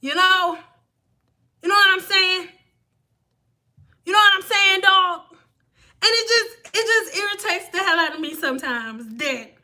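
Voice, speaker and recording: Woman, high voice, bright and forceful, blunt profane livestream rant. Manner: blunt, profane, animated ranting. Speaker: hair stylist hosting a livestream.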